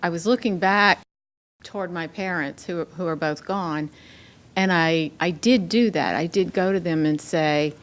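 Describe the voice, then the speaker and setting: Thoughtful middle-aged woman, low-pitched. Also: measured pace. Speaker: audience member. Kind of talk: conversation with the speaker.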